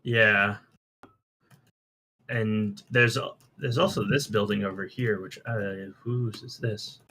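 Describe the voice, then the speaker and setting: A man with a bright, forward voice talks through a staff meeting over a voice call. He is relaxed and loose, filling gaps with "uh" and "like" and letting his sentences trail off. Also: fairly low pitch, slow pace, slight background noise. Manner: relaxed, laughs often, trails off with fillers. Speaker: infrastructure staff member. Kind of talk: casual meeting discussion.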